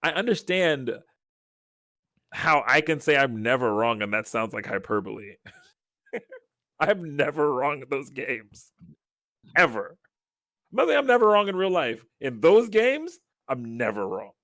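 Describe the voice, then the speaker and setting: A man's voice: mid-range voice, unhurried, long pauses, no echo, clean studio sound. A man co-hosting a casual podcast chat, telling stories animatedly and acting out the lines of the people in them. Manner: animated storyteller who acts out quoted lines. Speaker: podcast co-host.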